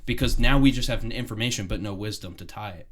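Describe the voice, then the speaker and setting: A man's voice: lowish voice, fast talker. A young man hosting a podcast, talking casually and thinking aloud in long, winding sentences. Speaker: podcast host.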